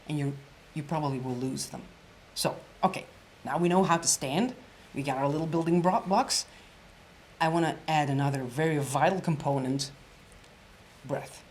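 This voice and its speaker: A woman presentation coach giving an energetic storytelling workshop lecture, repeating phrases and dropping to an emphatic whisper on key points. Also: deep voice, slight background noise.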